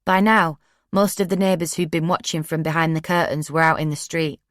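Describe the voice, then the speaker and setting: Low-voiced woman, dry close narration. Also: fairly quick, no echo. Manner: steady, plain-spoken storytelling. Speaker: audiobook narrator. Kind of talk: first-person true crime audiobook narration.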